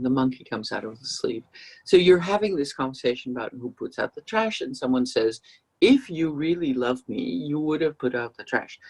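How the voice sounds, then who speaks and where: Husky voice, very lively pitch, conversational trainer, acts out example lines. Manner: conversational, acts out short example quotes in changing tones. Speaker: trainer teaching transactional analysis. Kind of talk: explanatory video lesson.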